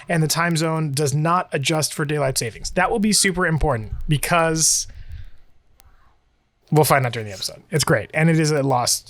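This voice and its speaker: Male podcast co-host, casual and meandering, a bit high, dry room sound. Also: a bit bright, no echo. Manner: rambling, self-interrupting, laughs often. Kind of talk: casual chat.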